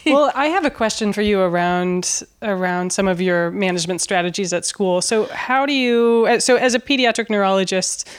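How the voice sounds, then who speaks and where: A middle-aged woman, a pediatric neurologist hosting an interview, who talks thoughtfully and asks questions in full, measured sentences. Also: medium pitch, clean tone. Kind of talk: conversational interview.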